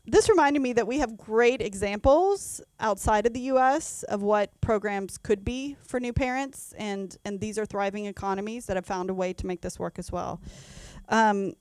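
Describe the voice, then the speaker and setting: Smooth-voiced woman giving a talk. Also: mid-range voice, normal speed, a little mellow, no echo. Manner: frequent ums and self-corrections. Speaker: HR leader giving a conference talk. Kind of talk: conference presentation. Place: event venue.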